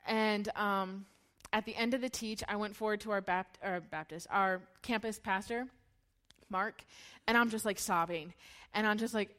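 A woman's voice: mid-range voice, normal speed, long pauses, a bit bright. A woman in her thirties gives a candid, emotional personal testimony at a church gathering and laughs often as she talks. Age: 30s. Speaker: church speaker.

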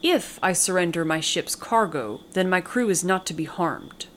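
Woman doing a merchant captain, proud, steady, formal, polite, lowish voice. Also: moderate pace, a little hiss or hum. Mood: firm.

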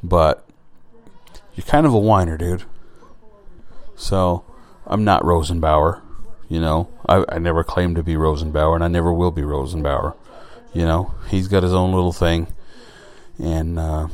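Solo podcast host, man, deep voice, blunt and rambling, swears casually. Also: steady tone, unhurried.

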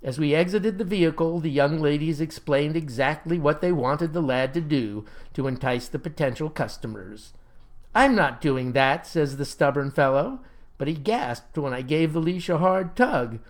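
A male storyteller with a slightly high-pitched voice, narrating a comic tale in the first person. His delivery is folksy and old-fashioned, with a deadpan, self-righteous tone. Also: moderate pace.

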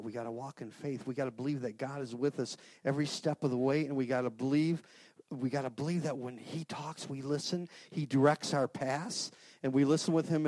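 A middle-aged man giving an informal, earnest sermon to a men's group, swinging from loud outbursts to hushed prayer. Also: medium pitch, dry recording, clean studio sound. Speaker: lay speaker at a men's gathering.

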